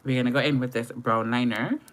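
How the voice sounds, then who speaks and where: A woman's voice: very deep voice, steady tone, fast talker. A young woman chatting playfully through a live makeup tutorial and greeting viewers as they join. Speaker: makeup livestreamer.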